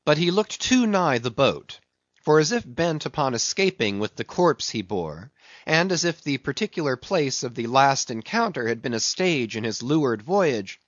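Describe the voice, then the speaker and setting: A man reading a classic novel aloud as audiobook narration, in a measured, even way. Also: medium pitch, no echo, dull audio. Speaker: audiobook reader.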